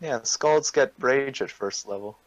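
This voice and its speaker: Slow, halting man explaining game rules. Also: medium pitch, no room sound, lo-fi sound. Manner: halting, many restarts, rules-focused. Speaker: player. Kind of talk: casual tabletop game chat.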